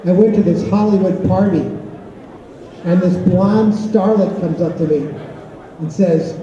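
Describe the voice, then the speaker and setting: A middle-aged man, a teacher, doing a stand-up routine of rapid one-liner jokes at a school talent show. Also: sits high, steady tone, mellow. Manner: rapid-fire one-liner joke telling. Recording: echoey, distant, lo-fi auditorium recording.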